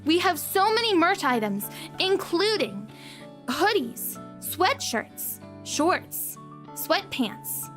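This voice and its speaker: A young woman putting on a slow, drawn-out mock salesman voice to advertise her merch on a livestream. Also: extremely high pitch, big pitch swings, fairly bright tone, faint music behind, full character voice. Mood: salesy.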